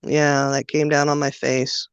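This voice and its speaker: Woman guest, personal story, halting and emotional, muffled dry recording. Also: low voice, little pitch movement, clear, resonant tone, no echo. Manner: halting, emotional recollection with many fillers. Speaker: guest sharing childhood story. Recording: dull, dry lo-fi sound.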